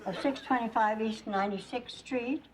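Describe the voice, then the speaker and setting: A woman's voice: a little high, moderate pace, some chatter behind, lightly acted, rough recording. An actress playing a sweet, patient woman volunteering at a polling place in a sitcom, calling everyone dear. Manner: sugary, calls everyone dear. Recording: loud studio audience laughter.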